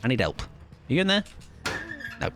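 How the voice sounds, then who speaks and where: A man's voice: mid-range voice, huge pitch swings, brisk, over loud music. A man streaming a game, chatting casually in a self-mocking, playful way. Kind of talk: casual gaming commentary.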